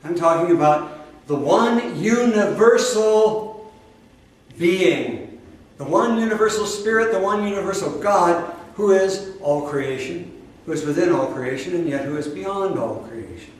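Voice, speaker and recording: A man's voice: sits high, expressive, unhurried. A man giving a sermon as a spiritual teacher, emphatic and repetitive, talking directly to his listeners. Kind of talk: sermon to a live audience. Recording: very echoey room from a distance.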